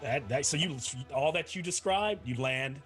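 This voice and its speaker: A man's voice: a little high, expressive, moderate pace, a bit bright, soft background music. A man running a tabletop role-playing game as dungeon master, chatty and often laughing, with many restarts.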